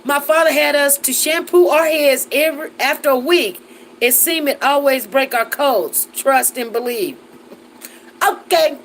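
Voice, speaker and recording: Chatty, high-voiced woman host. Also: unhurried, a little hiss or hum, poor audio. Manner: chatty and laughing, with Southern Black American vernacular. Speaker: live stream host reading viewer comments. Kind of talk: casual live chat.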